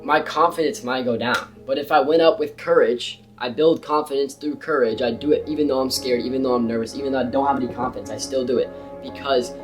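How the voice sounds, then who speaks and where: A young man giving casual, emphatic advice to camera about confidence and speaking, with slangy, animated delivery. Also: mid-range voice, quick pace, faint music behind. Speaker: self-improvement creator. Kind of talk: casual motivational talk to camera.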